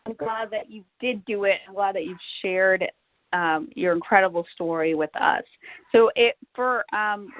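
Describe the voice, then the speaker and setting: A woman hosting a podcast interview, effusive and encouraging with the guest. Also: medium pitch. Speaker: podcast host. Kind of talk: upbeat interview chat. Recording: tinny phone-line sound, faint noise.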